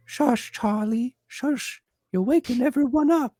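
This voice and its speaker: A man's voice: unhurried, warm tone, dry recording. A man voicing a frightened little boy who begs to keep his pet bird safe. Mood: hushing. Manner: high, pleading, sweet.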